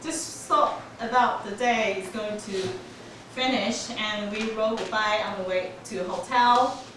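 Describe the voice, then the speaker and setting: Woman in her 40s giving a club speech, slow, laughs a lot, echoey room far from the mic. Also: mid-range voice, noisy background. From Taiwan. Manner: laughs often, lively telling with small grammar slips. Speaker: club speaker. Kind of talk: prepared storytelling speech. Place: meeting room.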